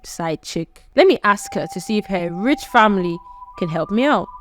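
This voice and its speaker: A woman's voice: mid-range voice, animated, normal speed, faint music behind, close to an everyday voice. A woman voicing a scheming young male student in a casual, street-smart way.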